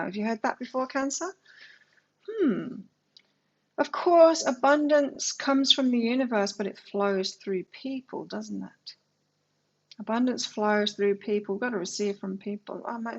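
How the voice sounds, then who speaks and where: A woman's voice: a little high, husky, lo-fi sound. A woman giving a casual, chatty tarot reading to camera, musing aloud and telling stories. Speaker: tarot reader.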